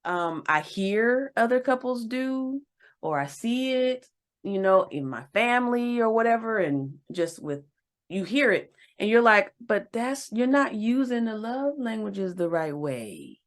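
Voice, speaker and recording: A woman co-hosting a relationship podcast in casual chat, acting out quoted lines in a higher voice. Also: measured pace. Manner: animated, acts out quotes in a higher voice. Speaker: podcast co-host.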